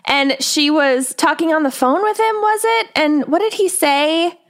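High-voiced, giggly woman co-host. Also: expressive, a little slow. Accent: Minnesotan. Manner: giggly, laughs often while telling stories. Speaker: podcast co-host. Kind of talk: casual chat.

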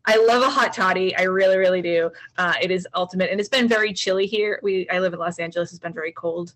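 A woman author chatting casually from home as a guest, enthusiastic and quick to laugh. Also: fairly low pitch, a bit bright. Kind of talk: casual chat. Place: home, Los Angeles.

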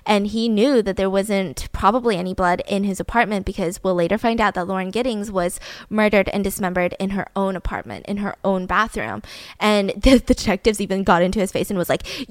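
A woman's voice: fairly high pitch, brisk, no room sound, clean studio sound. A young adult woman hosting a podcast, telling a true-crime story casually and animatedly, full of filler words. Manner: animated, heavy use of "like" fillers. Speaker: podcast host.

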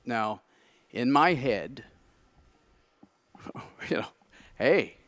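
Animated man recounting events. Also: mid-range voice, normal speed, dry recording. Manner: animated, acts out his own past thoughts in quotes. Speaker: podcast guest. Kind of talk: candid conversational storytelling.

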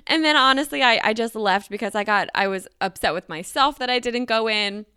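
Young woman, podcast host, bright crisp voice, animated storytelling, lots of fillers. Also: fairly quick, dry recording, clean studio sound. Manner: animated, acts out quotes with pitch jumps, frequent "like". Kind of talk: casual storytelling.

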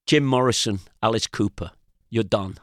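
An older English man spins anecdotes in a loose, meandering way. He often stops and restarts mid-sentence. His voice sits a little low and sounds dry and close to the mic. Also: moderate pace, no echo. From England. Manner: rambling anecdotal storyteller, frequent restarts. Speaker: guest musician. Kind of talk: casual storytelling interview.

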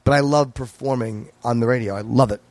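A man telling stories on a podcast in a blunt, profane way. His voice sits at an ordinary middle pitch. The sound is dry and close, with no room around it. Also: fairly even intonation, darkish tone, no room sound. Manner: blunt, profane, quick storytelling. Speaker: guest comedian. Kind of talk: casual podcast chat.

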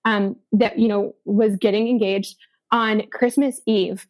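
A woman's voice: mid-range voice, steady tone, unhurried, a little mellow. A woman from Denver, an author and podcast guest, telling her story in a chatty way full of "um" and "like". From Denver, USA. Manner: chatty, many fillers like "um" and "like". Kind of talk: casual storytelling chat.

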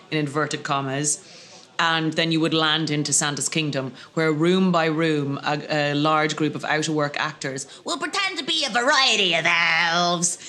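Comedienne in her thirties, bright and sharp, spinning animated stories with put-on voices. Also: deep voice. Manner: lively comic storytelling with voices. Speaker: comedian guest. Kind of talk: anecdotal storytelling over lunch.

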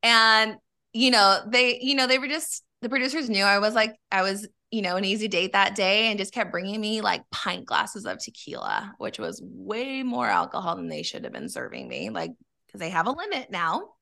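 Gravelly, bright-voiced woman telling a story. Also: mid-range voice, moderate pace. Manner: candid, animated, swears freely. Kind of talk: casual storytelling chat.

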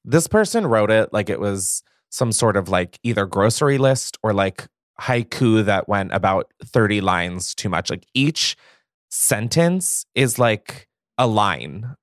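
A man's voice: on the low side, big pitch swings, a little slow, no room sound, studio quality. A man hosting a podcast, reading stories aloud in a profane, gossipy manner, jittery from caffeine and laughing often. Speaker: podcast host.

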